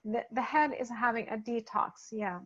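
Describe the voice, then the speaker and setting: A woman spiritual healer talking casually, gently and hesitantly, as she reads and answers feedback from participants. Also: on the high side. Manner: soft-spoken, gentle, hesitant with many pauses and fillers. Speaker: spiritual healer leading a program. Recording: dull lo-fi recording.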